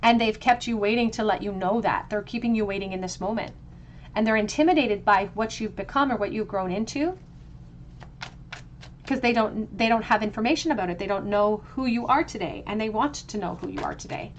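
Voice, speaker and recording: A woman's voice: medium pitch, fairly quick, dull audio, slight background noise. A woman giving a pick-a-card tarot reading, talking in a flowing, reflective way and often restarting her phrases. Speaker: tarot reader.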